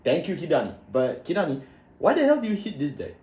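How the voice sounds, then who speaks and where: A man's voice: on the high side, huge pitch swings, quick pace, mellow. A man hosting a card game channel, ranting in a sarcastic, exasperated way about a new ban list. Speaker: card game content creator. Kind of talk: ranting deck commentary to camera. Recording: echoey room with faint ambience.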